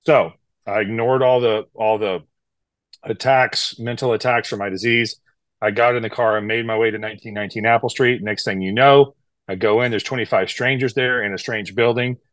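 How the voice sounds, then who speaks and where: A male podcast guest telling his recovery story in a steady, deliberate way. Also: lowish voice, no echo. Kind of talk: personal testimony.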